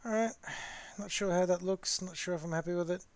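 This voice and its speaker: A man's voice: sits high, fairly even intonation, fairly quick, clear, resonant tone, no echo. A man hosting a casual live-stream chat while painting models, rambling and talking to his viewers. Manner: rambling, chatty, talks to the chat.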